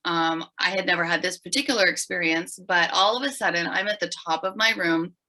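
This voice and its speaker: A middle-aged woman, a podcast guest, telling her story in an animated, emphatic way. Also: fairly low pitch, a little fast, poor audio. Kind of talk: storytelling in an interview.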